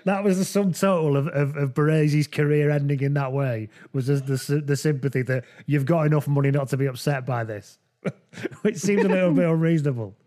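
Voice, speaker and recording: A man hosting a podcast, chatting about football in a relaxed, rambling way and often correcting himself mid-sentence. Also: a little high, a little fast. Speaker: podcast host. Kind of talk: casual football chat.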